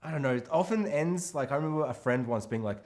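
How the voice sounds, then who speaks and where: With a voice on the high side and a quick pace, a male podcast co-host talks loosely about a movie. He curses freely and acts out the characters' lines in different voices, keeping things lively.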